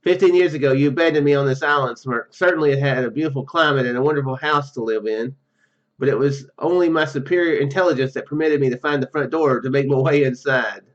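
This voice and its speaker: A man's voice: medium pitch, fast, close to an everyday voice. A man voicing a pompous, vengeful villain who hosts an island, with theatrical menace. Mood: menacing. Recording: dull muffled recording with faint game music.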